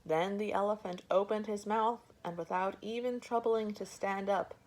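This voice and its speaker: A woman reading a folk tale aloud for children in a gentle, measured way. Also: on the low side, vocal fry. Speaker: storyteller. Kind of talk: storybook reading.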